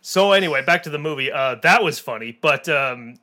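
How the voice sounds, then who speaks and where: A man from the Netherlands co-hosts a film podcast. His voice is bright and forward, and his talk is blunt and loose with easy laughter. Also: a little high, animated, a little fast. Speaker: podcast co-host. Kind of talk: casual chat.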